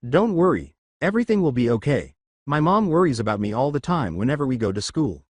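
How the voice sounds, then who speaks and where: A gentle teenage boyfriend who soothes and reassures, as a man reads him. The pitch moves around with a lively, animated lilt. The sound is close-miked and dry. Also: fairly quick, no room sound.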